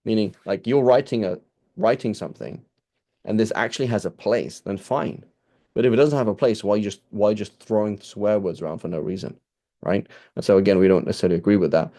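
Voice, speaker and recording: A man's voice: lowish voice, a little fast, dark tone. A man giving an informal lesson on scripture, talking conversationally with frequent restarts and checks with his listeners, quoting Arabic phrases. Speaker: teacher.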